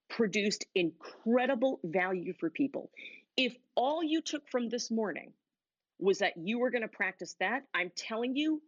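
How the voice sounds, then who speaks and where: A woman speaker coaching an audience on negotiation from a stage, in a motivational talk with punchy phrasing and deliberate pauses. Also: on the high side, expressive, dry recording, lo-fi sound.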